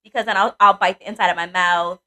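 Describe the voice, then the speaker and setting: A young adult woman co-hosting a podcast, telling a personal story in casual chat, animated and swearing freely. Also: lowish voice, quick pace. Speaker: podcast co-host.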